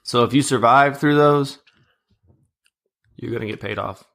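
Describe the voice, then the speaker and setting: A man in his thirties co-hosts a sports podcast in a loose, joking way, rattling off numbers between jokes. His voice sits at a middle pitch. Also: a little slow, gravelly, fairly bright tone. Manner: chatty, joking, reads out stats. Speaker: podcast co-host. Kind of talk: casual sports chat.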